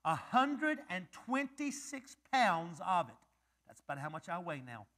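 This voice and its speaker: A male pastor preaching a lively sermon, joking and quizzing his congregation. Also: sits high, a little slow.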